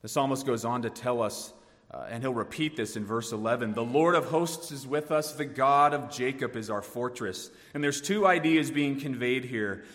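A man preaching a sermon, swinging from hushed tones to emphatic rises. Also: medium pitch, long reverb tail. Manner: dynamic preaching, dropping to hushed tones then rising emphatically. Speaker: pastor.

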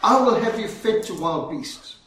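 Man playing a stern Roman official, commanding, high voice, booming echo. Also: big pitch swings, moderate pace. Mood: threatening. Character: threatening male Roman official. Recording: very echoey, from far off.

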